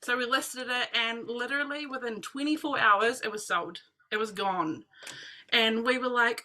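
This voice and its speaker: Bright-voiced woman. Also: on the high side, normal speed, a little hiss or hum. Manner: animated storytelling, full of "like" and "literally". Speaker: team member sharing testimony. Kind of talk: personal testimony to a group.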